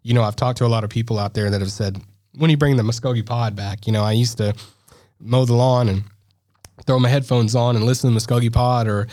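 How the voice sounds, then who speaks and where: A man co-hosting a podcast in a studio, chatty and loose, full of fillers and quick laughs. His voice sits at an ordinary pitch and is recorded close and dry, with no room sound. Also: little pitch movement, warm tone, no room sound. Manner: chatty, laughs often, many fillers and restarts. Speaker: podcast co-host. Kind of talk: casual chat.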